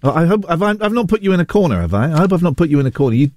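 A man's voice: on the high side, sing-song, rapid-fire, darkish tone, no room sound. A man hosting a radio phone-in, chatting casually with callers in a jokey, sarcastic, self-mocking way. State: getting a sore throat. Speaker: radio host. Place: radio studio. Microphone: studio microphone.

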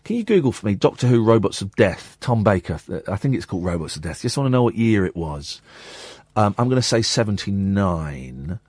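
A man, hosting a radio show and telling a rambling, animated story in a studio. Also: lowish voice, brisk, husky, no room sound. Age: 40s. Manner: animated, rambling, self-interrupting. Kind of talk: casual on-air storytelling. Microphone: studio microphone.

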